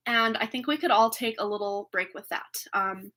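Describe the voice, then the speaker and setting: A woman tarot reader chats to her live viewers from a table at home. Her voice is bright and sits a little high. She rambles quickly and laughs often. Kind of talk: chatty live-stream talk to viewers. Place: home room with a reading table.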